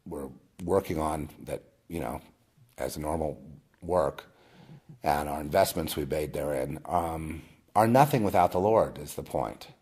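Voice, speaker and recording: Deep husky guy rambling thru his testimony, loud bursts then dropping real quiet. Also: measured pace. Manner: rambling, many restarts, swings from loud bursts to low murmurs. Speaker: video host. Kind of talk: personal testimony monologue.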